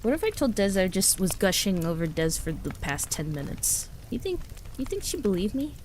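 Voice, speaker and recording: This livestreamer's voice is medium in pitch with big swings, a normal pace, and a darkish tone. Chatting casually with viewers from home, she rambles, giggles, and keeps starting sentences over, all over a faint background hiss.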